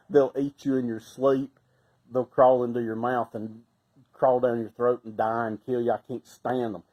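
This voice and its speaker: Appalachian storyteller, middle-aged man, folksy and laughing, shouts at the punchlines. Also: medium pitch, sing-song, a little slow, low-quality recording. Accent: Southern Appalachian. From Southern Appalachian US. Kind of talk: casual storytelling.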